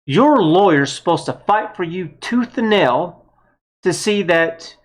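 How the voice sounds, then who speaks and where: A woman's voice: lowish voice, lively intonation, takes it slowly. A woman giving a blunt, heated political opinion monologue, with some mild swearing. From United States. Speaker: vlogger.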